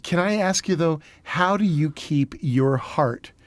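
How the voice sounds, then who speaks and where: A man's voice: fairly high pitch, takes it slowly, dry recording. Affirming male interview host. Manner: warm, affirming, faith-centered questions. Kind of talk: conversational interview.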